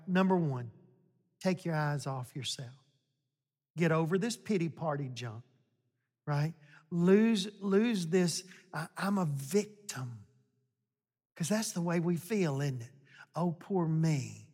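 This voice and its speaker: Delivering a sermon, a man addresses his congregation in a slow, conversational way that builds toward emphatic exhortation. His voice sits on the high side, animated and darkish in tone, and it carries a long hall reverb.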